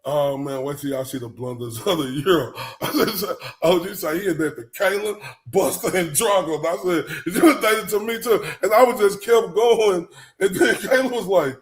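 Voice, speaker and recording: A man's voice: sits high, normal speed. A man hosting a casual livestream, rambling in loose slang and often breaking into laughter. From Texas. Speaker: livestream show host.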